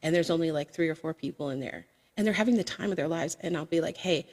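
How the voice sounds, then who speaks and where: A woman's voice: low-pitched, fast talker, a little mellow. A woman who streams karaoke, talking frankly and chattily as a podcast guest, with sassy asides. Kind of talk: casual podcast chat. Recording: long reverb.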